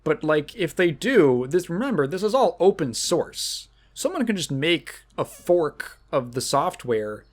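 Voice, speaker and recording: A man's voice: fairly high pitch, big pitch swings, a little slow, hardly any pauses. A man hosting a podcast in casual chat, rambling and swearing, laughing often and acting out quoted exchanges. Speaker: podcast host.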